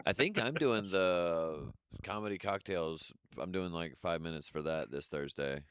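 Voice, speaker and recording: Man, low smooth voice, dry sound, rambling comedian chat on a video call. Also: fairly bright tone, no echo. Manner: rambling, joking, quick to do voices. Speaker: podcast co-host, comedian. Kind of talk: casual chat.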